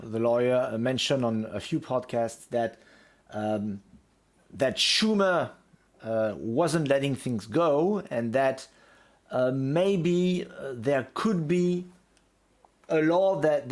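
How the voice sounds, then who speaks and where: A man asking an interview question hesitantly, with many "uh" pauses. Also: medium pitch.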